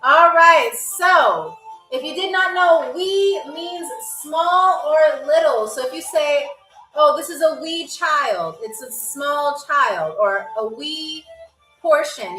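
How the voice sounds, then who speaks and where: A woman with a high voice hosts a live-streamed trivia game show, and she speaks slowly and deliberately. Her manner with the viewers is playful and teasing. The sound is roomy and echoey. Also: animated, bright, forceful tone, soft background music.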